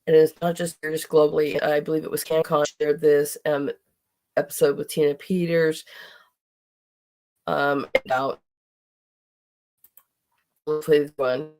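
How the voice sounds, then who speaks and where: A woman's voice: deep voice, flat delivery, a little slow, pauses often, dark tone. A middle-aged woman hosting a podcast, speaking in an impassioned, indignant monologue and at times near tears. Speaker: podcast host.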